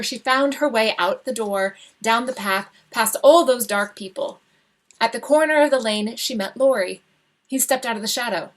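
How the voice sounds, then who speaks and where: A woman reads a short story aloud at a slow, lingering pace, her voice hushed and tender. Her voice sits a little high, and she reads live over a video call. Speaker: reader. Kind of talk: literary reading.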